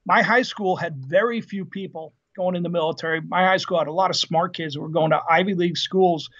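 A man in his fifties, a podcast guest, telling family stories in a lively, casual way and acting out the dialogue. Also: sits high, fairly quick. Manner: lively storyteller who acts out quoted dialogue. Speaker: podcast guest, retired Marine officer. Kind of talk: casual storytelling interview. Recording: dull lo-fi sound.

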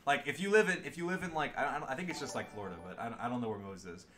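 An excitable young man rambles through a casual livestream chat, repeatedly restarting his sentences. His voice sits at a middle pitch, with a faint hiss of background noise behind it. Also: racing. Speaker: streamer guest.

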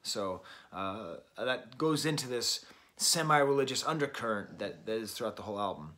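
A man's voice: on the low side, expressive, normal speed, fairly bright tone, a little hiss or hum. A man hosting a casual album review from home, talking while working out, hesitant and full of ums and small chuckles. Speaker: host and record reviewer.

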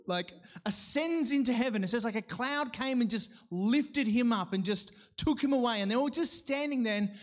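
Chatty man preaching a sermon. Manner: conversational, chatty preaching with frequent fillers and self-corrections; reads scripture and prays in a lower, slower register.

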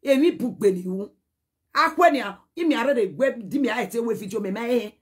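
A Nigerian woman delivers a heated message straight to camera, her voice husky and pitched a little high. She scolds and pleads by turns, running Pidgin and a local language together. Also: lively intonation, a little fast. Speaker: social media personality.

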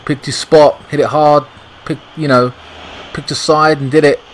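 A man's voice: fairly high pitch, level tone, moderate pace, a little hiss or hum, poor audio. A young British man giving frustrated, swear-heavy commentary over a football video game. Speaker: gaming YouTuber. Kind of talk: gameplay commentary.

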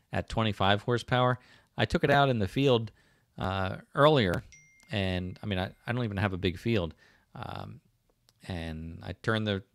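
Answering viewer comments on a casual livestream, a man with a South Jersey/Philadelphia accent rambles, restarting often and leaning on fillers. His voice sits on the low side, and the recording is dry and studio quality.

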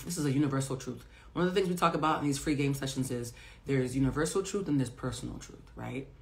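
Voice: mid-range voice, a bit bright. A life coach talking to viewers in a casual live stream, blunt and emphatic, with plenty of swearing. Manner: emphatic, blunt, profane, talks straight to viewers. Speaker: life coach and psychic reader.

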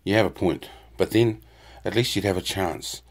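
A man reading the lines of a weary, proud male assassin hunter in a grim, measured way. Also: sits low. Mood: earnest. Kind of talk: audiobook dialogue reading.

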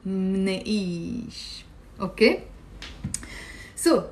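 A woman with a Lebanese accent, her voice pitched a little high, gives an Arabic pronunciation lesson. She is patient, demonstrates guttural sounds slowly and checks in with "okay?" as she goes. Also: a little mellow. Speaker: Arabic teacher. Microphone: video call.

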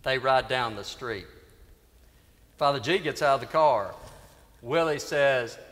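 A man priest preaching a sermon in a church, telling a story earnestly with dramatic pauses. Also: mid-range voice, fairly bright tone. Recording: reverberant church hall.

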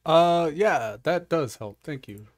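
A man's voice: a little high, lively intonation, slow pace, dry recording, studio quality. A man hosting his own vlog in casual chat, rambling and laughing often as he talks. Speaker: vlog host.

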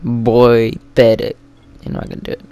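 A man giving rambling, chatty let's-play commentary while gaming with a friend, full of fillers and sudden excited yelps. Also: mid-range voice, moderate pace, faint music behind. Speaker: gamer playing co-op with a friend.

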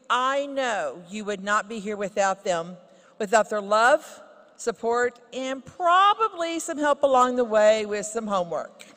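A woman's voice: a little high, a bit bright. Woman giving a commencement speech in a reverberant hall. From Oklahoma, USA. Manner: heartfelt, with light humorous asides. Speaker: honorary degree recipient giving a commencement speech. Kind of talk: commencement speech read from a written text. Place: large ceremony hall.

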